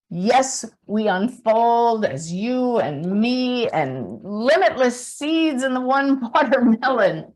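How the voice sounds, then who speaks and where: A woman giving an earnest, storytelling webinar talk as a spiritual speaker, softening to a hush at the close. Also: fairly high pitch. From United States.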